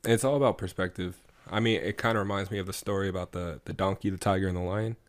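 A man co-hosting a podcast, chatting casually and telling a fable with a moral in a relaxed way. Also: low-pitched, fast talker, no room sound. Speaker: podcast co-host. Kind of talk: casual chat, storytelling.

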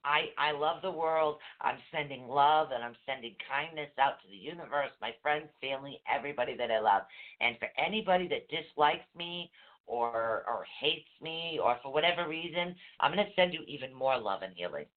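A man's voice: a little high, moderate pace. Casting: emphatic male meditation teacher, tinny phone-line sound. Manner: animated, emphatic, repeats key phrases. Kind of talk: casual teaching chat.

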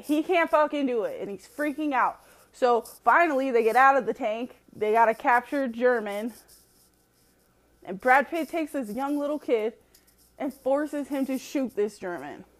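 Profane, emphatic woman with lively high voice. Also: moderate pace. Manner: profane, emphatic, laughs often. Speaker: commentator. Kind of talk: casual opinion monologue.

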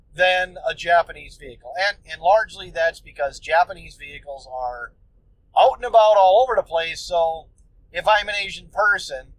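A man's voice: a little high, no echo, rough recording. A man hosting a solo podcast, telling a story in a loose, profane, ranting way. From United States. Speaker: podcast host.

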